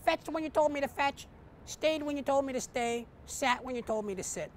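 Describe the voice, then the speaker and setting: A man's voice: very high-pitched, moderate pace, a little hiss or hum, voice pushed up. A man doing a pleading talking dog.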